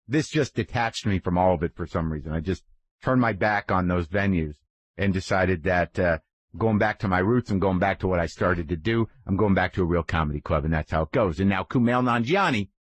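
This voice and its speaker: Man in his fifties, podcast host, rambling and profane, low-pitched voice, dry close sound. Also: no echo. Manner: profane, rambling, self-deprecating. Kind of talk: casual monologue.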